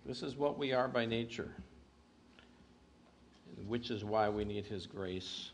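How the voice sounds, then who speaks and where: A man preaching a sermon in an earnest manner, reading scripture aloud with emphatic rises and hushed drops. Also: lowish voice, takes it slowly, a little hiss or hum.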